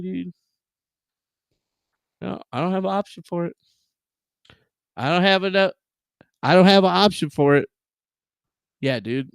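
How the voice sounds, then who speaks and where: A man streaming from his home setup, ranting casually and profanely, swearing at his own software. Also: high-pitched, clear, resonant tone, dry recording, clean studio sound. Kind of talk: casual livestream rant. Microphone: desk microphone with noise gate.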